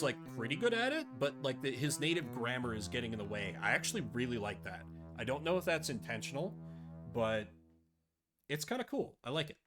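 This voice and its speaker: A man chatting casually and rambling as he streams a game live. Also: mid-range voice. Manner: chatty, rambling, self-deprecating. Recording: game music behind.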